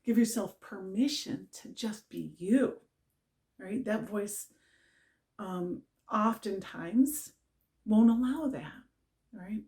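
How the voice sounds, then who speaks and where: A woman's voice: mid-range voice, slow, pauses often, darkish tone. A middle-aged woman giving an earnest, casual spiritual talk as a mantra teacher, often checking in with "right?". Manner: earnest, repetitive, with frequent "right?" check-ins.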